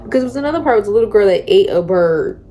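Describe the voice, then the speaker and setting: Young woman, book vlogger, warm mellow tone, slangy lively recap. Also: mid-range voice, very fast. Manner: chatty, slangy, animated retelling. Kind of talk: casual book discussion.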